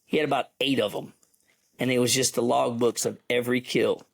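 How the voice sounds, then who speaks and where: A middle-aged man, an army veteran telling a story as a podcast guest in an animated, profane way. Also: mid-range voice, brisk, gravelly. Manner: animated, profane yarn-spinner. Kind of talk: casual storytelling.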